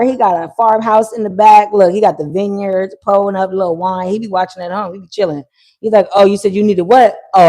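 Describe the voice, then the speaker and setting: Animated slangy woman reading tarot. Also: medium pitch. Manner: animated, slangy, swearing, bursts of laughter. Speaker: tarot reader. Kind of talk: live-stream tarot reading. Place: at home near a pool, kids heard.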